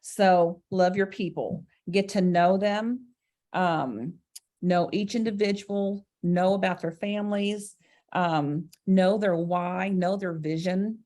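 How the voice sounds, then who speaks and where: A woman hosting a casual recap chat, leading the topics in a measured, encouraging way. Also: on the low side, warm tone. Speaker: host.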